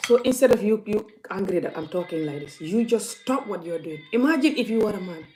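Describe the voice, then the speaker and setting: A woman's voice: medium pitch, animated, brisk, a little mellow, a little hiss or hum. A woman vlogger talking to her viewers in an impassioned, emphatic, preachy way. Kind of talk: casual live vlog talk.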